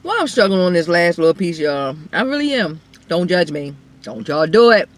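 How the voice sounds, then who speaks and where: A woman's voice: fairly low pitch, big pitch swings, moderate pace. A woman hosting an eating show, chatting casually and directly to her viewers between bites. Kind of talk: casual mukbang chat to viewers.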